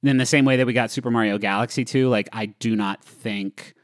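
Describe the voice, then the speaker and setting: A man co-hosting a podcast in casual chat, animated and leaping high in pitch when incredulous. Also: fairly quick, no room sound, studio quality. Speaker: podcast co-host.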